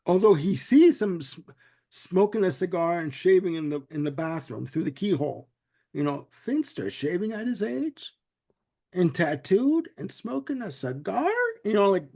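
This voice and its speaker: Rich: a man with a gravelly, creaky voice, sitting slightly high in pitch. He hosts a casual chat and rambles through a cartoon plot in an animated way, with fillers throughout. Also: a little slow. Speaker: podcast host.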